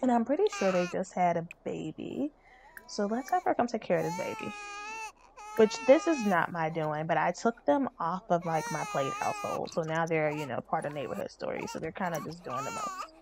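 A woman's voice: on the low side, big pitch swings, moderate pace, background noise. A young woman hosting a let's play, narrating her game in a chatty, slangy way. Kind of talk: casual game commentary.

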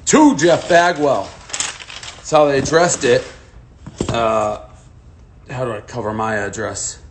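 A man's voice: mid-range voice, slow, a little hiss or hum. A man giving profane, jittery running commentary as he unboxes packages on a casual livestream. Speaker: host unboxing fan mail.

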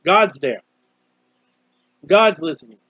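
A man's voice: on the high side, expressive, takes it slowly, sharp tone, husky, dry recording, highs cut off. A man preaching an informal sermon on a psalm, earnest and conversational, often repeating himself. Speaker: street preacher.

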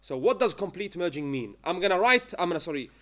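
A man with a high voice teaches a tajweed class, dictating notes slowly and checking in with his students after nearly every point. He breaks into chanted verses to show each rule. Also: sing-song, pushed and bright. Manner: dictates slowly, checks understanding with frequent questions; chants Arabic verses when giving examples. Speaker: Quran recitation teacher. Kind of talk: classroom lesson.

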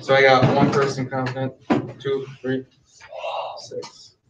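A male math teacher speaking loudly through a mask, firm and drilling his class. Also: medium pitch, monotone, measured pace, far from the mic, heavy background noise. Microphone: masked, mic at a distance. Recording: echoey classroom.

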